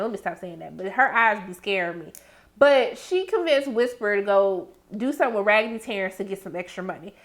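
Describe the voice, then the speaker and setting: A woman reviewing a TV episode in casual, animated commentary, acting out reactions and quotes. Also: sits high. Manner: animated, dramatic quoting and asides. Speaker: TV show reviewer.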